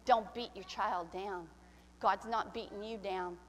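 A woman pastor preaching a sermon, swinging from soft, confiding lines to shouted ones and acting out the voices she quotes. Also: medium pitch, fairly even intonation, unhurried. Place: church sanctuary. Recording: church hall with long reverb.

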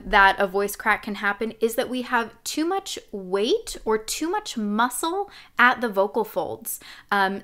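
A young adult woman teaching a live singing lesson as a vocal coach, explaining clearly and demonstrating sounds. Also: on the high side, pushed and bright.

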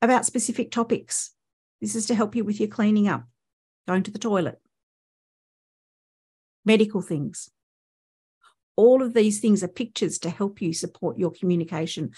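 A woman's voice: mid-range voice, moderate pace, pauses often, warm tone, breathy edge. A woman with an Australian accent, a speech pathologist giving a conference presentation and explaining points with rhetorical questions to the audience.

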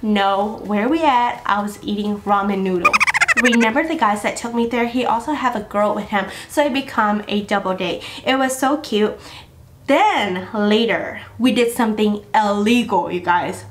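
A young woman beauty vlogger telling a personal story to her viewers in a chatty, animated way. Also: medium pitch, moderate pace, heavy background noise. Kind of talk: casual storytelling to camera.

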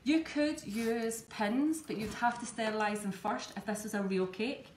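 A woman's voice: fairly high pitch, unhurried, a little mellow, slight background noise. A woman with a Scottish accent, chatting her way step by step through a live cake-decorating demonstration. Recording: echoey room, faint background ambience.

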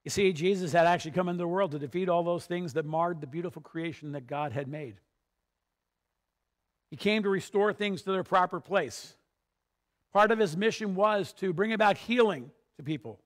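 Man, pastor, sermon, storytelling, emphatic peaks, fairly high voice. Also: normal speed.

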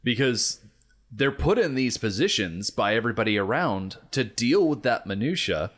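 A man on a podcast, explaining a point in a measured, steady way during casual chat. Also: medium pitch. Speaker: podcast co-host.

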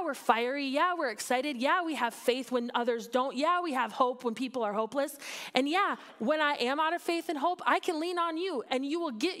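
A woman's voice: high voice, a bit bright. A woman pastor preaching a sermon in a candid, conversational way, building to emphatic peaks. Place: church sanctuary.

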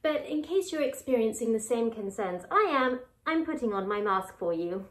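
A young woman hosts her vlog in a playful, theatrical way, her voice pitched a little high. The sound is roomy, with a clear echo from the space around her. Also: animated, moderate pace. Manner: playful and theatrical, with bursts of mock outrage. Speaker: host. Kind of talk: upbeat scripted vlog talk.

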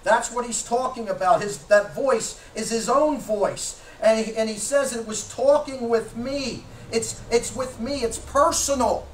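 A man preaching a sermon as pastor, emphatic, firing rhetorical questions at the congregation and shouting at times. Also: very high voice, a little slow, few pauses, a little hiss or hum. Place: church sanctuary. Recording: echoey church from a distance.

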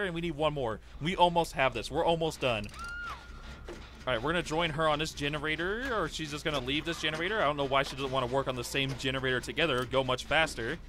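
Brief: young male gaming streamer, higher-pitched voice, excitable play-by-play, faint hiss behind. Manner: excitable, pleading and cheering during play. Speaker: gaming YouTuber. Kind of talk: live gameplay commentary.

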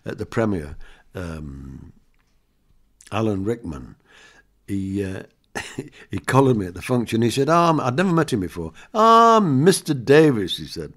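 Older comedian guest, low and animated, a chatty storyteller acting out gags. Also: male voice, unhurried, pauses often. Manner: chatty storyteller, laughs often, acts out jokes. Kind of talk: anecdotal interview chat.

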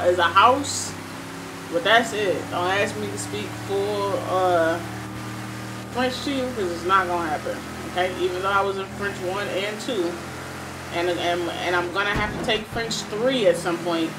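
A woman's voice: medium pitch, moderate pace, noisy background. Give me a chatty young woman with a Cleveland accent talking over a video game. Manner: chatty and rambling, talking straight to viewers. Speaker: gaming YouTuber. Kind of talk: casual gameplay commentary. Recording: voice over loud game sounds.

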